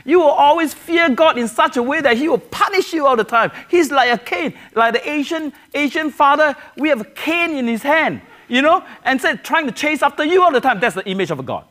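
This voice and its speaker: Animated high-voiced preacher man. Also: a little fast, few pauses. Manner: earnest, repeats and restarts phrases, asks the congregation questions. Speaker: pastor. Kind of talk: sermon.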